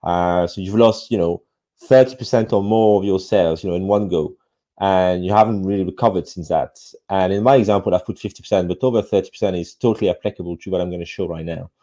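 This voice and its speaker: A man's voice: on the low side, mellow. A man with a French accent giving an ecommerce summit presentation, peppered with fillers, restarts and swearing. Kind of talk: conference presentation. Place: online summit talk, remote.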